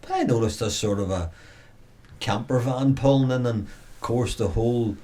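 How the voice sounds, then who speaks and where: A Northern Irish man telling stories from his childhood in a relaxed, chatty way. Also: medium pitch, normal speed. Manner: storytelling, acts out quoted voices. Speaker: brother reminiscing on radio. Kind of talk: casual reminiscing.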